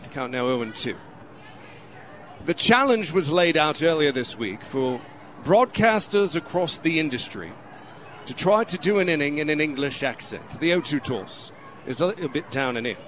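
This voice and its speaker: Putting on a jokey, mock-formal English accent, this radio announcer gives baseball play-by-play from the booth. He sounds a little high, bright and expressive at a moderate pace, and there's a faint hiss or hum.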